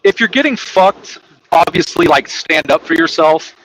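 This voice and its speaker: Profane rambling young man, higher pitch. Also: lively intonation, normal speed, fairly bright tone, slight background noise, low-quality recording. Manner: rambling, profane, laughs while telling stories. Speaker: podcast co-host, trucker. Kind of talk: casual chat.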